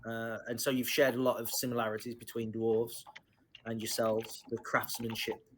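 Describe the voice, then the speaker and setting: A man's voice: mid-range voice, completely flat delivery, normal speed, a bit bright, a little hiss or hum. A man narrating a tabletop game as game master, hesitant with many ums.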